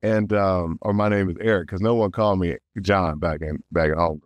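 Animated man telling stories, dry sound. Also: deep voice, normal speed, no room sound, muffled recording. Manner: animated, laughs often, acts out quotes. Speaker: voice actor guest. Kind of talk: casual interview storytelling.

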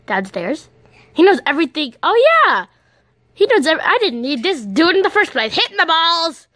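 Woman as dramatic young princess, shrill outbursts, high bright voice, swooping. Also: very animated, moderate pace, no room sound, exaggerated voice. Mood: excitable. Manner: shrill outbursts, rambling to herself.

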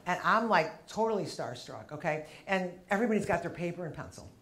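A woman's voice: lowish voice, very animated, a little fast, fairly bright tone, a little hiss or hum. A woman in her fifties doing a punchy stand-up comedy routine in a comedy club, working the crowd. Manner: brash, punchy delivery with crowd work. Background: audience laughter.

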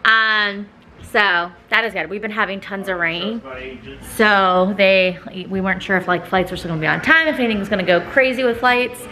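At home indoors, a woman in her thirties who vlogs as a mother talks casually into her phone camera, emotional in tone and quick to laugh. Her mid-range voice has a sharp tone and moderate pace, with a little hiss or hum in the recording.

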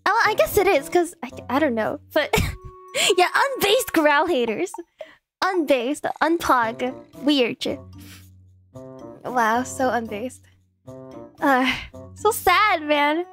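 A woman's voice: high voice, a bit bright. A woman streamer in casual live-stream chat, giggly, playful and sarcastic.

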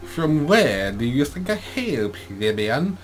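A man's voice: on the high side, big pitch swings, slow pace. Man doing a snooty French pigeon aristocrat. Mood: haughty. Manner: put-on French accent with rolled R's. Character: haughty rich male pigeon aristocrat.

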